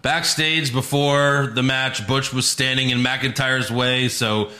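Male podcast host, bright and forceful, in a roomy space, jokey casual recapper. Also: medium pitch, level tone. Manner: recaps plots quickly with jokey asides.

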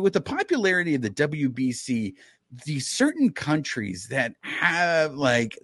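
A man's voice: high voice, a bit bright, dry recording, clean studio sound. A man hosting a podcast, asking long, enthusiastic, rambling questions in a casual chat. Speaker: podcast host.

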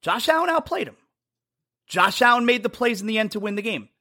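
A man with a high, bright, pushed voice hosts a sports talk show, speaking briskly with lively intonation. His monologue is emphatic and blunt, hammering the same points again and again while mocking rival teams.

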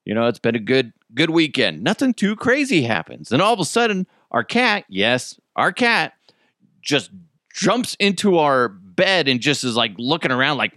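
A man in his thirties hosts his own casual solo podcast, an animated, joking storyteller who swears freely. His voice is a little high at a moderate pace, recorded dry with clean studio sound.

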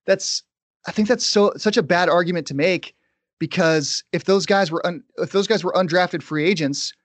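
A man's voice: sits high, no room sound. Man, podcast host, casual sports talk, dry close sound. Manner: conversational, quick asides.

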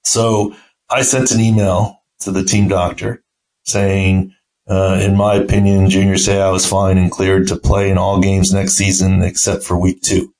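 Middle-aged man, low voice, casual podcast storytelling, acts out quotes. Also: a little slow, rough recording. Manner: animated anecdote-telling, acts out quoted voices. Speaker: podcast host, team doctor.

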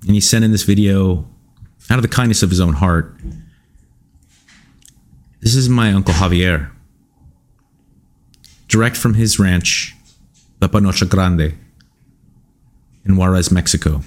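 A man's voice: deep voice, a little slow, long pauses. A man hosting a podcast, ranting bluntly and with animation about fitness. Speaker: podcast host. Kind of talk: fitness commentary.

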